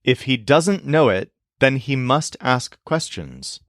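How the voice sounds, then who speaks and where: A male teacher walks through grammar in a calm, scripted lesson. He speaks slowly, with a lively, rising and falling pitch. The sound is dry and close. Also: no echo. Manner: slow, clear explanatory delivery. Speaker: language teacher.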